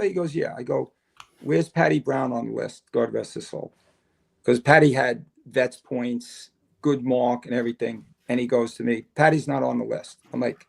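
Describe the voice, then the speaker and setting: Gravelly older New man telling stories. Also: medium pitch, normal speed. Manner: animated storyteller, acts out dialogue. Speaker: podcast guest, retired fire chief. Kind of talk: casual storytelling interview.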